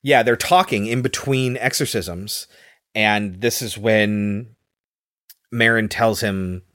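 A man's voice: fairly low pitch, slow, a bit bright, no room sound, clean studio sound. A man casually retelling a film scene by scene, with loose fillers along the way. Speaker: podcast host recapping a film.

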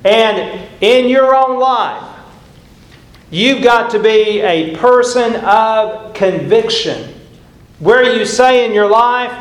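An older male preacher delivers an earnest, emphatic sermon, leaning on repeated phrases. His voice sits high and moves at a slow, deliberate pace. The sound rings in an echoey church sanctuary.

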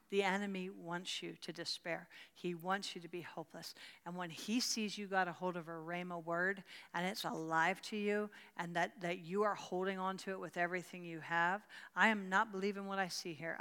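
Older woman leading church teaching, fervent, low-pitched, smooth, with a clear, resonant tone. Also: fairly bright tone, big-room sound. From rural Pennsylvania. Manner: fervent, repeats words, answers questions from the room. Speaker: Bible study teacher. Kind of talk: teaching a church group with prayer.

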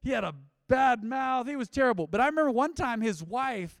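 High-voiced preacher working the congregation. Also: male voice, expressive, a little fast, no echo, studio quality, long reverb tail. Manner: call-and-response, conversational, asks congregation to repeat. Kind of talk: sermon. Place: church sanctuary.

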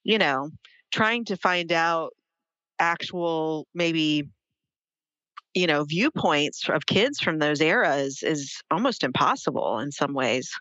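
A woman host puts eager, winding questions to an author, her voice a little low for a woman. The sound is dry with no room echo. The audio is dull and lo-fi. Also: lively intonation, slow, a bit bright. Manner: enthusiastic, rambling questions with fillers. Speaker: interviewer, podcast host. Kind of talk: casual interview conversation.

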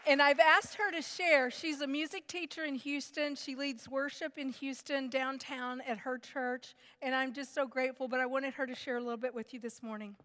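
A middle-aged woman preaching a sermon in a church, telling the story in an animated, dramatic way. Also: high-pitched, moderate pace, hardly any pauses, in a large hall.

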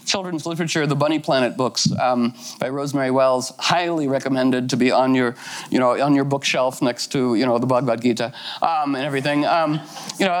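A woman's voice: extremely low pitch, brisk. A woman giving a loose, rambling talk, playful and full of fillers, acting out little quotes as she goes.

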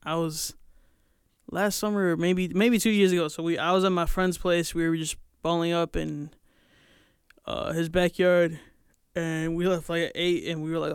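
Young male podcast co-host, smooth slightly high voice, dry close sound, easygoing rambling talk. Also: moderate pace, no room sound. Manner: relaxed, rambling, with slang and self-corrections. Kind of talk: casual storytelling chat. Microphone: own camera setup.

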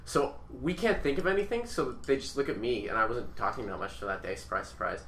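A man's voice: mid-range voice, sing-song, fast, fairly bright tone. A teenage boy telling a crude, joking story in casual chat with friends. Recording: echoey room with faint noise.

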